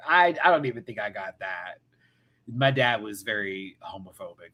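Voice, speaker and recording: A man's voice: medium pitch, very animated, slow pace, a bit bright. A man in his thirties hosting a casual pop-culture rant, sassy and campy with frequent laughs. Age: 30s. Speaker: host.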